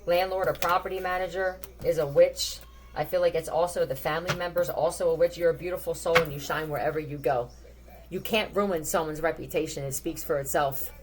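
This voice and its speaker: A woman's voice: fairly low pitch, fairly even intonation, brisk, noisy background. A woman giving a casual tarot reading, thinking aloud in a blunt, profane way. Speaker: tarot reader.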